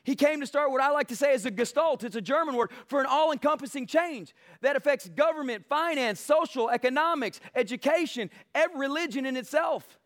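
A man's voice: very high-pitched, brisk, few pauses. A male pastor preaching a sermon emphatically, building passion. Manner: emphatic, building passion, mocks soft quotes.

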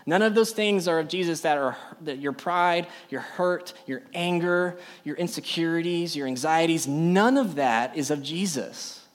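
A man's voice: a little high, unhurried, few pauses. A young adult man preaching a sermon to a youth group, emphatic and full of rhetorical questions. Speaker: youth pastor.

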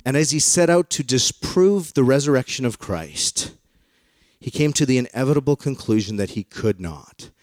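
Man preaching in a relaxed, storytelling way. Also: mid-range voice, moderate pace, no room sound, clean studio sound. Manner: conversational storytelling. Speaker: pastor. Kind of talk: sermon. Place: in front of a congregation.

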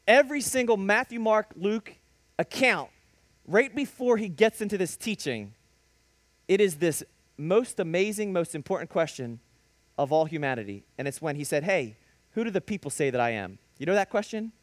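A man preaching with a high, animated voice that swings widely as he tells stories and drives home his points. The sound is dry and close, with no room around it. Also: dry recording. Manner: animated preaching with storytelling and sudden emphatic rises. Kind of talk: sermon.

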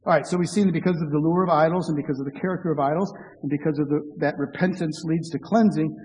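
A male pastor delivers an earnest sermon and breaks in with humorous asides, often restarting his sentences. His voice sits high. The long reverb of a large church hall trails behind each phrase. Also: fairly even intonation, fast talker, a little mellow.

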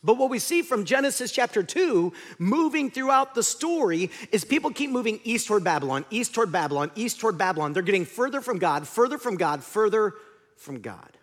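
Male pastor, sermon, high voice, lively swooping delivery, long reverb of a hall. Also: a little fast. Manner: animated storytelling with acted-out voices.

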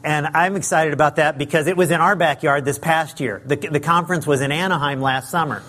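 A man with a high, light voice preaching as a guest pastor, chatty and self-deprecating, with many fillers. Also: fairly quick, sharp tone. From Southern California. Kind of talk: sermon. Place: church sanctuary.

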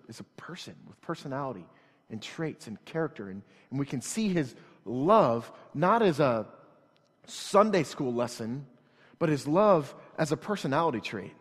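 Earnest male pastor, reverberant hall. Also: a little high. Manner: earnest and conversational, with frequent restarts; swings between quiet asides and raised emphatic passages. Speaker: church plant pastor. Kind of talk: sermon.

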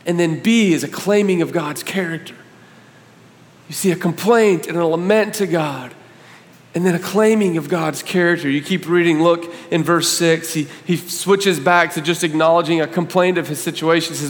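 A man delivering a sermon in a fairly high voice, reading scripture with growing passion. His words ring out with a long reverb, as if recorded in a large church hall. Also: moderate pace. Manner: impassioned, rising to near shouts when reading scripture. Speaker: pastor.

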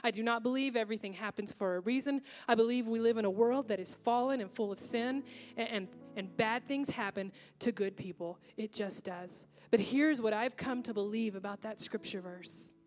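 Earnest woman pastor preaching, fairly high voice. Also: moderate pace, a little mellow, soft background music. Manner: earnest, emotional storytelling. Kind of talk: sermon with personal testimony. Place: church before a congregation.

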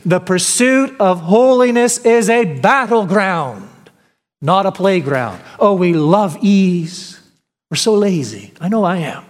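A man's voice: high-pitched, expressive, measured pace. A man preaching a sermon with emphatic, declaiming delivery, now and then mimicking whiny complainers. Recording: long hall reverb.

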